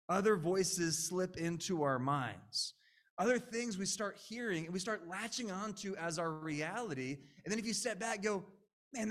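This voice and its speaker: A man's voice: sits high, a bit bright. A man in his late twenties preaching a sermon in a conversational, earnest way, with frequent asides to the audience. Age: 20s.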